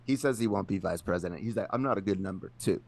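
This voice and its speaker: A man's voice: deep voice, quick pace, a little mellow. A man co-hosting a podcast, cracking jokes and mimicking people in casual chat. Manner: wisecracking, mimics people he quotes. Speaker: podcast co-host.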